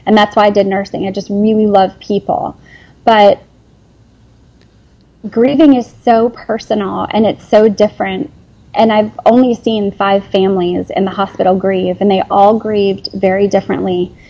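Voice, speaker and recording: A woman's voice: mid-range voice, flat delivery, normal speed, warm tone, dull audio. A woman in her forties, a former nurse and company founder, talking earnestly in an interview, rambling with restarts and fillers. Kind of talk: emotional interview conversation.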